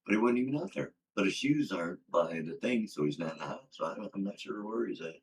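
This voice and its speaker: A man's voice: on the low side, lively intonation, fast talker, breathy edge. A man in a casual livestream chat, laid-back and rambling, with lots of fillers. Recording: from a distance with faint background noise.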